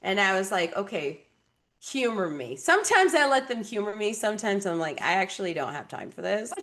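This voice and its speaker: A woman in her thirties who coaches people on relationships holds forth on a podcast. She talks bluntly, swears freely, and acts out her clients' lines as she tells stories about them. Her voice sits at an ordinary middle pitch for a woman. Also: brisk. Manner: blunt, profane, animated storytelling. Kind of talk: candid podcast conversation.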